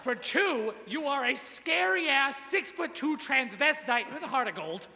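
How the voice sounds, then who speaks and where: Bright high-voiced young man roasting. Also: lively intonation, a little slow, vocal fry, slight background noise. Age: young adult. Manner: crude, self-deprecating jokes with rising shouted punchlines. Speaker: roast speaker. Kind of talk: stand-up roast set. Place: large hall with audience. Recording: live hall recording with reverb.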